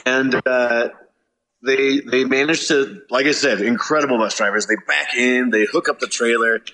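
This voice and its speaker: A man casually telling a road story from a tour, animated and swearing, acting out his own shouts. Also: medium pitch, moderate pace. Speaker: touring musician.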